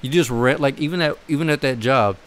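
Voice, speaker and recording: A man's voice: medium pitch, fairly quick, smooth. A man hosting a casual podcast chat, rambling with lots of fillers and offhand swearing.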